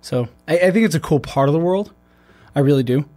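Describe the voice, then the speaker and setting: A man's voice: on the high side, expressive, fairly quick, mellow, no room sound, faint music behind. A man, a military veteran, talking in a loose, rambling way with many restarts and fillers. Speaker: podcast host. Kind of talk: casual conversation.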